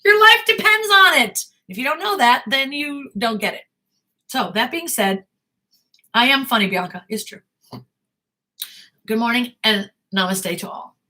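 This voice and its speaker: A woman's voice: on the high side, expressive, unhurried, long pauses, pushed and bright. An American woman, a talent manager and acting coach, giving blunt, emphatic advice to actors in a live Q&A talk.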